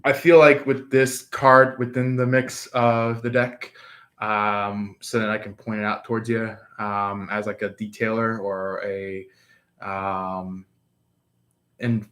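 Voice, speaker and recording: A man's voice: on the low side, little pitch movement, slow pace, fairly bright tone. A man giving a casual tarot reading, rambling with many fillers and restarts. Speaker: tarot reader.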